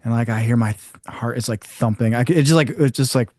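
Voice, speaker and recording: A man co-hosting a podcast, retelling a dream in casual chat, halting and full of fillers. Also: medium pitch, darkish tone, no echo, studio quality. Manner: halting, many "like" fillers, laughs through the story. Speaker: podcast co-host.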